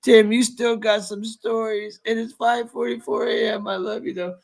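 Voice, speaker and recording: High-voiced young man, loose profane chat. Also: flat delivery, normal speed, gravelly. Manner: loose, profane storytelling with lots of fillers. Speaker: livestream host. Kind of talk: casual late-night stream chat.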